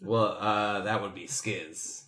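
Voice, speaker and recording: A man's voice: fairly low pitch, steady tone, slow, pushed and bright, reverberant. A man playing a character in a tabletop game, reacting with dry exclamations. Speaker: player. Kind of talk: in-character tabletop role-play.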